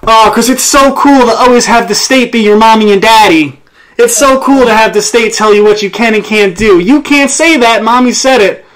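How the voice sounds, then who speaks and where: A man's voice: high-pitched, a little fast, fairly bright tone, slight background noise, rough recording. A young American man hosting a casual political chat, outspoken and sarcastic. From United States. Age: young adult. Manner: outspoken and sarcastic, swears freely. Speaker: host.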